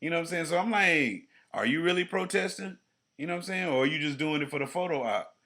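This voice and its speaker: A man co-hosting a podcast in casual, profane, animated chat. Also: on the high side, quick pace. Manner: profane, animated, jokey storytelling. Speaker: podcast co-host.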